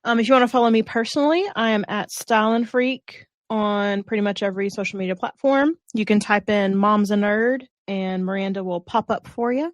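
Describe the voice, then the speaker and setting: A woman's voice: medium pitch, fairly quick, few pauses, no room sound. A woman co-hosting a podcast in casual chat, easygoing, often laughing, running through the show plugs. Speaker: podcast co-host.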